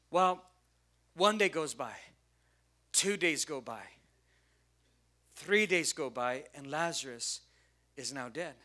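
A man preaching a sermon as pastor, telling the story with drama and acting out its people, swinging between loud emphasis and hushed lines. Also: a little high.

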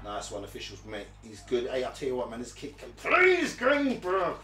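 A young man reacting loudly while playing a fighting game, yelping and bantering in slang. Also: medium pitch, huge pitch swings, normal speed. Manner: yelps and slangy banter with the officials. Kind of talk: excitable live gameplay reactions. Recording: echoey room, off-mic, game music.

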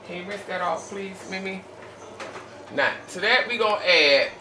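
A man's voice: high voice, very animated, normal speed, gravelly. A tired man hosting a casual cooking demonstration in his home kitchen, chatting folksily to viewers as y'all. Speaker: home cook and channel host. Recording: echoey kitchen from a distance, noisy background.

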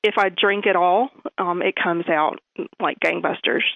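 A woman's voice: on the low side, a little slow, vocal fry, dry recording. A woman with a Southern accent talking in an interview, hesitant with many ums. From American South. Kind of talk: casual interview. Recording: tinny phone line.

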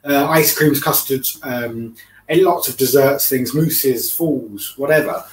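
A man, co-hosting a home cooking video, explaining in a relaxed, self-mocking way as he cooks. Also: mid-range voice, takes it slowly, distant mic. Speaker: cooking show co-host. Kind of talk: casual cooking demonstration. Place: home kitchen. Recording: roomy kitchen sound, away from the mic.

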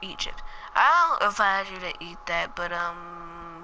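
A woman's voice: mid-range voice, a little slow, background noise. A woman giving casual, slangy gameplay commentary, chatting to viewers and muttering asides to herself as she plays. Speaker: gaming channel host.

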